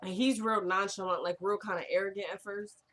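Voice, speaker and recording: A woman chatting casually through a recap of a TV episode, retelling the scenes line by line with lively, laughing asides. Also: medium pitch, a little fast.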